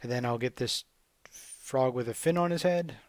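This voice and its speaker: A man's voice: medium pitch, normal speed, dry recording. A man casually commentating his gameplay with wry, sarcastic asides. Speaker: gamer commentating a speedrun.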